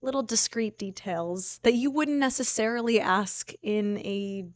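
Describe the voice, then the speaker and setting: A woman hosting a podcast in casual chat with a friend in an apartment, animated in bursts and then trailing off softly. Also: mid-range voice, measured pace, dry recording, studio quality. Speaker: podcast host.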